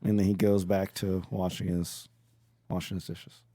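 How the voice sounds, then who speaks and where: A man's voice: sits low, little pitch movement, normal speed, dark tone, no echo, studio quality. A man narrating as dungeon master in a tabletop game, talking with many fillers and restarts.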